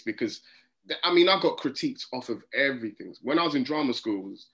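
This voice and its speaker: A man's voice: mid-range voice, expressive, fairly quick, fairly bright tone. A man with a London accent, a comedian guest in a casual interview, telling stories with animation and acting out the voices of people he quotes. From England.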